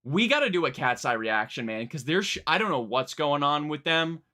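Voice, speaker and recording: A young man chatting casually on a live music-reaction stream, rambling, excitable, and swearing freely. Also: a little high, moderate pace. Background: faint music playing.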